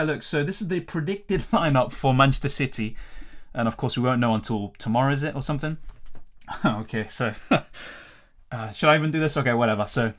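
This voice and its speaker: A young man hosting a live stream, reading viewer questions aloud and answering in a casual, rambling way. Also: medium pitch. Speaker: fantasy football streamer.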